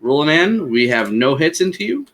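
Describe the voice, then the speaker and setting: A man running a tabletop game as game master, narrating the action in a lively way. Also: on the high side, normal speed.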